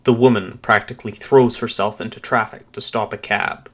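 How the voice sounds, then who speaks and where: A man narrating a first-person thriller story with a steady, measured dramatic reading. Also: lowish voice.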